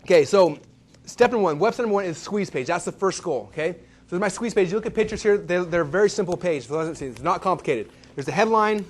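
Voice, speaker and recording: Fast-talking man giving a seminar. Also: sits high. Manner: fast, animated storytelling with asides to the audience. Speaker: seminar presenter. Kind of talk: live marketing seminar talk.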